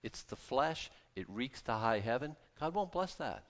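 A man preaching a sermon as pastor, animated and emphatic, repeating key phrases for weight. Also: medium pitch, unhurried.

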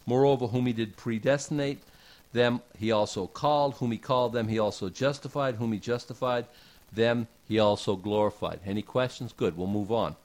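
A man's voice: medium pitch, normal speed, darkish tone. A man preaching a casual sermon, talking conversationally with rhetorical questions and folksy asides.

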